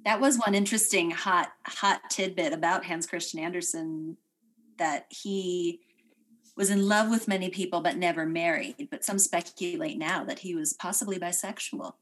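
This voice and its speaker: Woman podcast co-host, lower voice, casual chat, laughs a lot, fillers. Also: moderate pace, a bit bright. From United States. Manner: chatty, laughs often, trails off with fillers.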